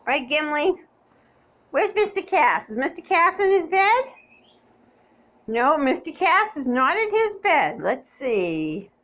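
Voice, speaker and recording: A woman with a high, very lively voice talks to her pets at home in sing-song baby talk. She speaks slowly, her pitch swooping up and down as she coaxes the animals. The tone is light and playful throughout. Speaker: pet owner. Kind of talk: home pet video.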